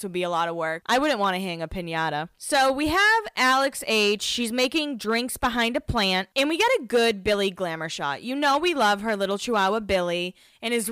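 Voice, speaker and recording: Recapping a reality show on her podcast, this woman chats casually, pokes fun at herself, and says "like" a lot. She speaks at medium pitch with a slightly bright, clean tone. There's no room sound.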